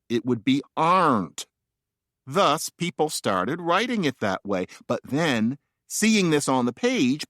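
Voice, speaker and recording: A man reads his own nonfiction book aloud, playful and wry, with chatty asides. His voice is mid-pitched and swings widely in melody. The sound is dry and close, recorded in a studio. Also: no room sound. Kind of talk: nonfiction audiobook narration.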